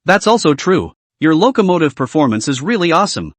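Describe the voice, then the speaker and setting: A man's voice: a little high, very animated, fairly quick, no room sound. A man voicing an easygoing young man who speaks with a smile and a teasing tone. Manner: smiling, teasing.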